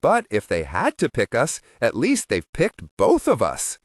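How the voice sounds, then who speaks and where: Expressive male audiobook narrator. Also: mid-range voice, a little slow, no echo, clean studio sound. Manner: expressive, shifting voices for characters. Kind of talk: first-person audiobook narration.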